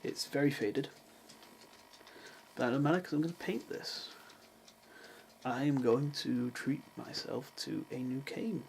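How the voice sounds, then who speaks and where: Young male vlogger, gravelly, deadpan humour, faint room noise. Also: mid-range voice, a little slow, pauses often, rough recording. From England. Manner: dry, self-mocking asides. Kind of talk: casual vlog chat. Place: parents' house in the countryside, with cats.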